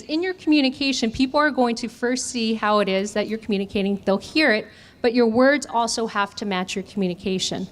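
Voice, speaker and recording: A woman trainer leading an interactive workshop, asking the audience questions and answering them. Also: a little high. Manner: engaging, asks audience questions. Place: conference room.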